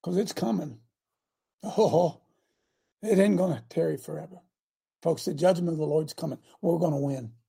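Gravelly, husky preacher man. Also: on the high side, moderate pace, pauses often. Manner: animated, cries out and breaks into asides. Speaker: radio preacher host. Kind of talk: reading scripture with fiery commentary.

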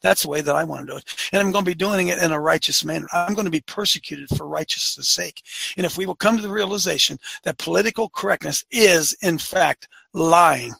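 Fiery high-pitched gravelly man ranting. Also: fast, sharp tone, dry recording. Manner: fiery, rhetorical, hammering questions; repeats phrases for emphasis. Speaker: commentary show host. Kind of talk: opinionated monologue.

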